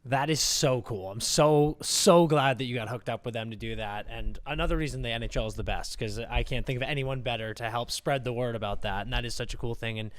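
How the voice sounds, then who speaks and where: A man's voice: medium pitch, dry recording. Male podcast co-host, cheerful, everyday mid-range voice, chatty. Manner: upbeat, friendly, quick agreement. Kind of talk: casual podcast chat.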